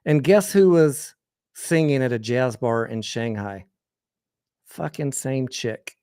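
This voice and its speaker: A man's voice: mid-range voice, slow, warm tone, smooth, no room sound. A man with an American accent hosting a livestream, telling crude, rambling personal anecdotes in a candid, casual way with frequent restarts. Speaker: host.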